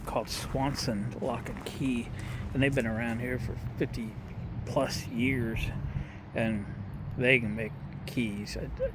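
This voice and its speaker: A folksy man vlogs outdoors, at a restaurant lot and near a barn, showing his electric utility car and rambling casually to viewers he calls boys and girls. His mid-range voice is fairly even and slow, with outdoor noise in the background.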